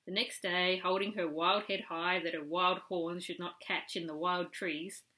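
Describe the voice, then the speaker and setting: A woman's voice: fairly low pitch, fairly even intonation, unhurried, bright, forceful tone, low-quality recording. A woman reading a classic storybook aloud to a small child, rhythmic and storytelling.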